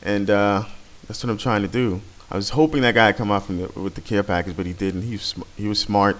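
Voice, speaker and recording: A man's voice: lowish voice, fairly even intonation, fast, a bit bright. A man talking over his gameplay footage in a casual, rambling, profane way. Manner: rambling and profane, with frequent restarts. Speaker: gameplay commentator.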